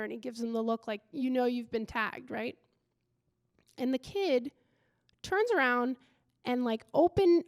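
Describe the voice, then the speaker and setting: Chatty woman comedian, bright pitch. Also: no echo. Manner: conversational with fillers, acts out quoted voices. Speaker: stand-up comedian. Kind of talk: stand-up storytelling.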